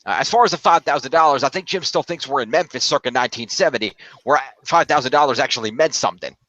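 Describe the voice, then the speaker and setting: A man from New York co-hosting a casual podcast chat, quick and self-deprecating with easy laughs. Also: mid-range voice, sharp tone, no echo, dull audio. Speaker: podcast co-host.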